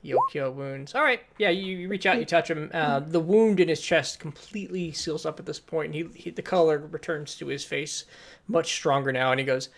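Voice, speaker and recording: A man narrating a tabletop game as game master, casual and halting. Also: fairly high pitch, creaky, a bit bright. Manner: casual, halting, many fillers.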